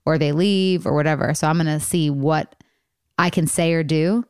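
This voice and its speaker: Woman podcast host, low voice, dry close mic, candid and rambling with lots of fillers. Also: fairly even intonation, moderate pace, clean tone, no echo. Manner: rambling, many fillers and restarts. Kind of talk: candid casual chat.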